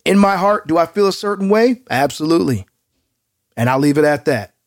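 A man co-hosting a podcast in casual chat, animated and joking. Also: on the high side. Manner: animated and joking, quick to laugh. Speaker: podcast co-host.

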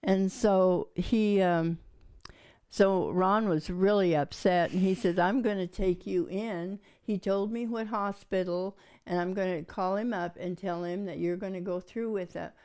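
A woman's voice: medium pitch, fairly even intonation, a little slow, mellow, clear, resonant tone. An older woman recounting a personal story in an interview, rambling and acting out what each person said. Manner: rambling, acts out quoted dialogue. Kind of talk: oral history storytelling.

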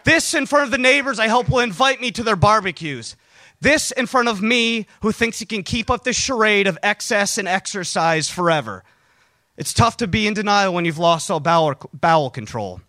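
A middle-aged man telling a comic story about himself, swinging between bitter muttering and shouted bravado. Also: sits high, expressive, normal speed, dry recording. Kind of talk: live comedic storytelling.

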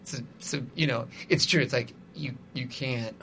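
Bright-voiced man rambling casually. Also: medium pitch, normal speed, gravelly, slight background noise. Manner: rambling, full of "like" and restarts. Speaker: musician and composer guest. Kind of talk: casual conversation.

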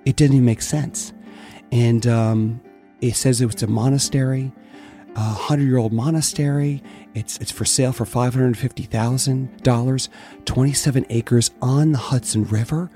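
A middle-aged man telling his own story in a casual interview, candid and animated, cursing freely. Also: mid-range voice, moderate pace, faint music behind. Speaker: interview guest, distillery owner.

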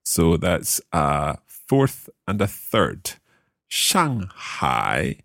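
A man co-hosting a language-lesson podcast, asking curious questions and slowly repeating phrases with a chuckle. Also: low-pitched, expressive, vocal fry, dry recording, clean studio sound. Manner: curious, chuckling, slow careful repetition. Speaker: podcast co-host learning Mandarin. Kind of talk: casual language-lesson chat.

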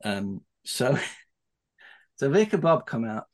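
A man's voice: medium pitch, very animated, takes it slowly. Middle-aged man spinning rambling anecdotes. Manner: rambling storyteller with many restarts, chuckling. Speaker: podcast guest. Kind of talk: casual anecdote telling.

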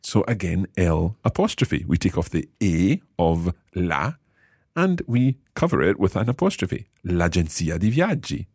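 Deep-voiced man teaching, patient. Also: big pitch swings, a little mellow, husky, dry recording, studio quality. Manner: patient, encouraging, slows down to repeat phrases. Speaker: language course host. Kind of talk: teaching Italian phrases.

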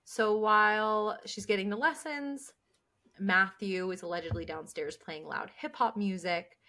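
A woman's voice: medium pitch, a little slow, bright, forceful tone. A woman co-hosting a podcast, chatting casually as she recaps a TV episode, laughing often and acting out the characters' lines. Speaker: podcast co-host.

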